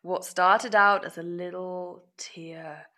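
A woman guitarist as a guest, candidly recounting a personal story, often laughing at herself and sometimes dropping to a soft murmur. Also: fairly low pitch, steady tone, takes it slowly. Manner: reflective, frequent self-conscious laughs, drops to soft murmurs.

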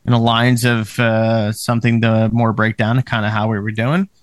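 A man's voice: lowish voice, little pitch movement, normal speed, no room sound, studio quality. Laid-back male podcast co-host. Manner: laid-back, brief agreeing replies. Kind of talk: casual chat.

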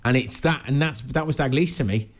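A man's voice: mid-range voice, fairly quick. A man, chatting as a guest and telling rambling stories, often asking "do you know what I mean". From Liverpool area. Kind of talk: casual chat.

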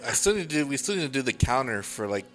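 Male co-host, very swoopy pitch, bright voice, dry running commentary on the movie. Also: sing-song, quick pace, faint music behind. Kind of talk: casual movie-watching commentary.

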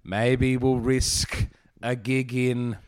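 A man hosting a comedy podcast, his voice sitting at an ordinary middle pitch. He rambles through jokey daydreams in loose, casual chat. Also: flat delivery, very slow, smooth. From Australia.

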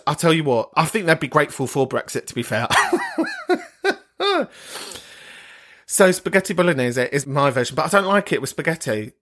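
A man hosting a podcast, chatting casually and swearing freely as he reacts to listener voice notes, gossipy and quick to laugh. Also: on the high side, a bit bright. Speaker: podcast host.

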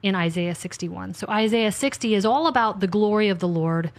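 A woman author and podcast host in casual faith conversation, chatty and animated, acting out her talks with God in little asides. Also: mid-range voice, a little fast, no room sound.

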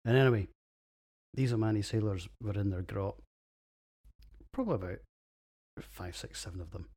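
A man's voice: lowish voice, moderate pace, darkish tone. A man in his forties hosting a solo beer podcast, rambling crudely and breaking into fits of giggling. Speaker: podcast host reviewing beers.

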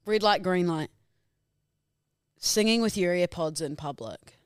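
A woman's voice: on the low side, measured pace, smooth, dry recording, clean studio sound. A woman co-hosting a podcast, playful and laid-back in casual comedy banter. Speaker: podcast co-host.

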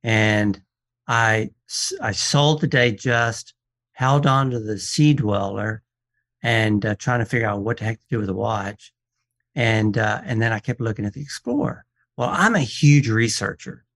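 A lowish male voice at a measured pace: a watch appraiser guesting on a casual radio show. He tells his stories with animation, voices the people involved, quotes their dialogue, and often restarts.

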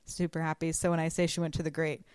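A woman's voice: sits low, little pitch movement, quick pace, a little mellow, smooth, no echo, studio quality. A woman who grew up in Florida, a guest chatting casually on a podcast and laughing often. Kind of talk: casual chat.

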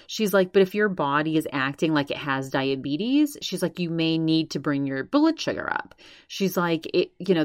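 A woman with a low voice, recorded in clean studio sound with no room echo, hosts a podcast where she casually recaps another show. She retells what others said by constantly quoting them with "she's like."

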